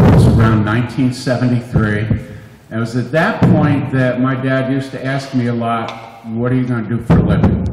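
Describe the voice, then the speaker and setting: A man in his sixties, a radio DJ, giving a halting tribute to his father, with many fillers and held-back emotion. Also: mid-range voice. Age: 60s. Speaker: radio DJ speaking at a memorial. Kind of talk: funeral tribute speech. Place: memorial service in a large hall. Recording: echoey hall, faint noise.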